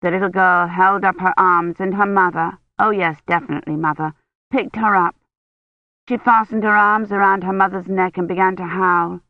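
A woman reading a novel aloud as an audiobook narrator in a measured, even storytelling manner, in a dull, lo-fi recording. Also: on the low side, no room sound. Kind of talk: scripted narration. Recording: dull, lo-fi, dry.

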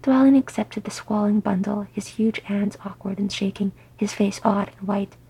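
A woman reading fan fiction aloud as an audiobook, in a soft, unhurried storytelling manner. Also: mid-range voice, fairly even intonation, slightly rough, low-quality recording. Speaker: audiobook reader.

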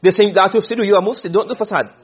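Man, teacher, quick lesson, rhetorical questions, husky, muffled recording. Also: high voice. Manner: asks and answers his own questions. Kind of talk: classroom lesson on Quranic rhetoric. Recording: dull lo-fi recording.

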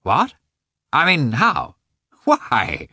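A man voicing an effusive, kindly aristocratic gentleman who exclaims and pleads in a high voice. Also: wildly swooping pitch, drawn-out words, husky, no echo, clean studio sound, exaggerated voice. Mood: dismayed.

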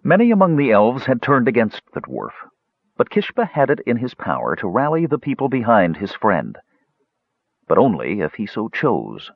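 A man narrating a fantasy audiobook in measured, dramatic storytelling. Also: medium pitch, slightly rough, no echo. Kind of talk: scripted narration. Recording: dull, dry lo-fi audiobook recording.

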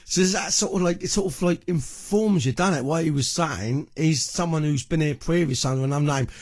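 A man's voice: fairly high pitch, brisk. A man hosting a music live stream, swearing constantly, first squaring up to a heckler and then musing aloud to his chat. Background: loud music.

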